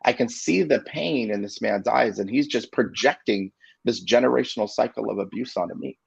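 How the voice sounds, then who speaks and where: A man in his forties, an inspirational speaker, telling a personal story in an earnest, halting way with many fillers and restarts. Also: medium pitch, creaky, husky, no room sound, muffled recording. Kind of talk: storytelling on a video call show.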